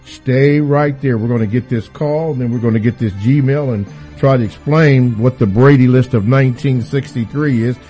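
A man's voice: mid-range voice, normal speed, hardly any pauses, dark tone, soft background music. A man hosting a call-in talk radio show, relaying a question and reading out station promos. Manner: affirming listener, reads out questions and station promos.

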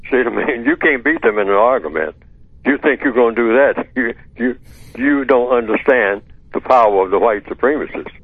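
A man speaking as a guest on talk radio, explaining in a measured, lecturing way and posing rhetorical questions that he answers himself. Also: medium pitch, animated, no room sound. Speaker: guest expert on call-in radio. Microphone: telephone. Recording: tinny dry phone line.

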